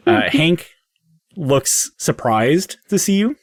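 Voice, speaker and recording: Low-voiced man running a tabletop game. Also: a little slow, dry recording, studio quality. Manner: loose and hesitant, many fillers. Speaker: game master.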